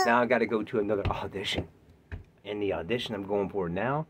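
A man recording his own audition pitch, theatrical and playful, rhyming and joking, swinging from shouts down to whispers. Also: big pitch swings, a little fast, slight background noise. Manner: rhyming, playful, self-mocking. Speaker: actor auditioning. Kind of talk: self-tape audition pitch.

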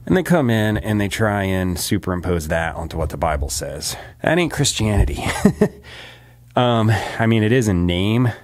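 A man's voice: low-pitched, dry recording. A man who writes and records his own songs, chatting casually in his home studio while getting over a sore throat, rambling and laughing often. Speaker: singer-songwriter. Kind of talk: casual vlog chat. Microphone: studio microphone.

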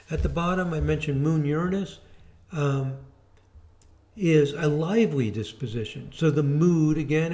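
A man giving an informal video lesson as an astrology teacher, explaining in a relaxed way with fillers and restarts. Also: a little high.

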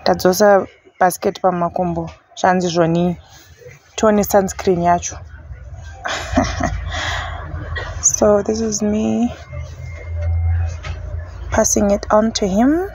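A young woman with a Zimbabwean accent narrating her own vlog, excitable and switching between Shona and English. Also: medium pitch, slow, long pauses, husky, no room sound, poor audio. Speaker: vlogger.

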